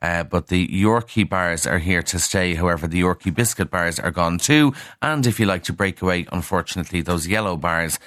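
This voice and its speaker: A man's voice: deep voice, brisk, hardly any pauses, fairly bright tone, no room sound, clean studio sound. A man presenting a casual radio newspaper review, talking frankly with fillers and personal asides. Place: radio studio.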